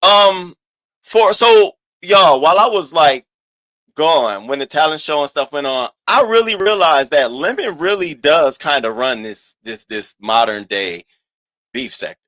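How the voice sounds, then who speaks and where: A man with a slightly high voice hosts a casual gossip commentary. He is animated and profane, jumping from loud outbursts to low muttered asides. He stretches words out for sassy emphasis. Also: measured pace, no echo. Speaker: host of a commentary channel.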